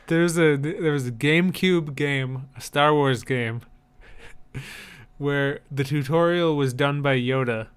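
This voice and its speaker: Man, podcast co-host, casual chat, teasing, smooth resonant voice. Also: fairly high pitch, slow. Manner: teasing, laughs easily.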